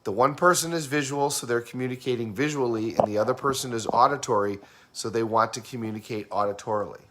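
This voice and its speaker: A man in a casual teaching talk who explains communication styles, asks the listener questions and acts out fast and slow talkers. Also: mid-range voice, noisy background.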